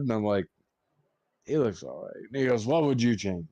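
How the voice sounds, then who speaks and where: A man's voice: lowish voice, expressive, a little fast, mellow, dry recording, lo-fi sound. A man who works as a funeral director, chatting on a podcast and swearing freely as he tells stories. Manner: swears a lot while telling stories. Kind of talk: casual podcast chat.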